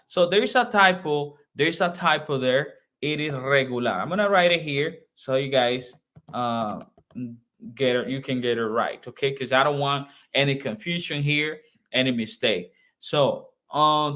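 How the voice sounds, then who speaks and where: A man's voice: medium pitch, slow pace, a bit bright. A man from Colombia with a Colombian Spanish accent, a native Spanish speaker, teaching an online Spanish lesson in English, repeating phrases patiently and checking in with "okay?".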